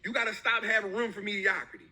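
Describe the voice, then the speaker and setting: A man with a fairly high, very bright voice, edged with a husky grain, gives a motivational talk. He drives his points home with repetition and slangy, emphatic street talk. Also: steady tone, quick pace. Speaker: motivational speaker.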